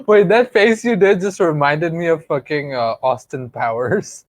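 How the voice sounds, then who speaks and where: Male podcast co-host, rambling crude banter, a bit high, dry close mic. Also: a little slow, no echo. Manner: crude, rambling, laughs often. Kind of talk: casual banter.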